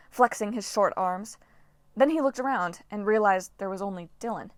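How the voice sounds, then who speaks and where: A woman reading a novel aloud as an audiobook narrator, with steady, dramatic storytelling. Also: mid-range voice, moderate pace, no room sound, clean studio sound. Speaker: audiobook reader.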